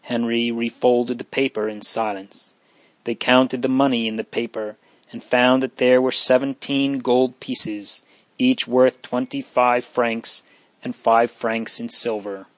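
A calm male audiobook narrator reads a storybook from a script, his medium-pitched voice moving a little slowly. There is no room sound.

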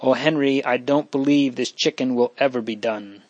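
A man voicing a proud young girl of noble birth in an audiobook, reading her lines with gentle emphasis. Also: mid-range voice, moderate pace, dry recording, highs cut off, natural voice.

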